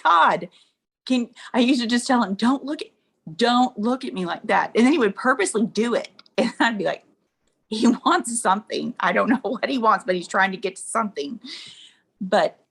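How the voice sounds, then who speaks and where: A woman's voice: fairly low pitch, creaky, fairly bright tone. A middle-aged woman, an interview guest, candidly telling personal stories and laughing along as she talks. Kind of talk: emotional personal storytelling.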